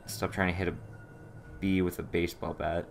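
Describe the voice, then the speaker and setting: A man's voice: low-pitched, flat delivery, normal speed, vocal fry, soft background music. A young man giving casual gameplay commentary, exasperated and sarcastic, swearing at a puzzle he can't solve. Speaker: let's play commentator.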